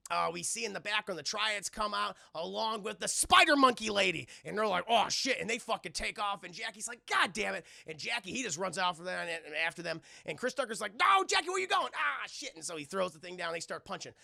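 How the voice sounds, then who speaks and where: A man retells a movie scene by scene for his live stream chat. He swears often and jumps into the characters' voices as he goes. His voice sits high and gravelly with a bright, forward edge. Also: fairly quick, hardly any pauses, no echo, clean studio sound. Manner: profane, animated, acts out quoted lines. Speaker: streamer reviewing a film. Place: home streaming setup.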